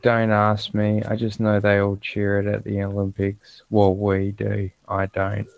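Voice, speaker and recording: A man's voice: on the low side, monotone, a little slow, vocal fry, dry recording. A man from Australia with an Australian accent, chatting bluntly and with strong opinions on a live stream. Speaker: stream guest. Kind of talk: casual chat.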